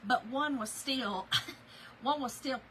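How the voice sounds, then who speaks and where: A woman's voice: sits high, takes it slowly, a bit bright, slight background noise, rough recording. A woman, chatting and laughing as she tells a story to her viewers while working on a craft project. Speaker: craft video host.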